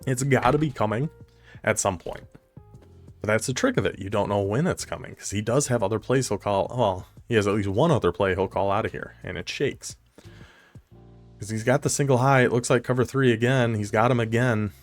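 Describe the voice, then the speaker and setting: Excitable man calling a video game. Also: on the low side, a little fast, soft background music. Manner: excitable, laughs often, talks to the viewer. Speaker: commentator of an online video game dynasty league. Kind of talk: casual play-by-play game commentary.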